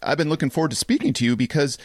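A man's voice: fairly high pitch, very fast, husky, no room sound, clean studio sound. A man with a Southeast Michigan accent and a slightly nasal voice, hosting a casual podcast interview and laughing often. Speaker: podcast host.

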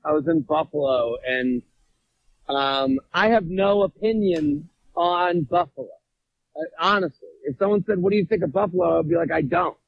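A man's voice: on the high side, normal speed, gravelly, dry recording, muffled recording. A man from the Boston area, a comedian guest in casual interview chat, telling stories and acting out the people in them, swearing freely. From Boston area, USA. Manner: animated storyteller acting out dialogue, swears freely.

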